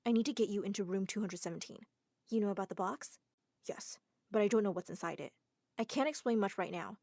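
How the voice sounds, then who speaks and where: A woman voicing a calm but urgent young man who talks in a hushed, hurried way. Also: mid-range voice, vocal fry, no room sound.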